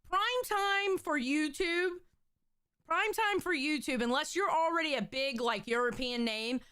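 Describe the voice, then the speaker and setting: Woman streamer host, lively and blunt, smooth clear tone. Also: fairly high pitch, no echo, clean studio sound. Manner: animated, reads chat aloud, swears casually. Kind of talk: casual livestream chat.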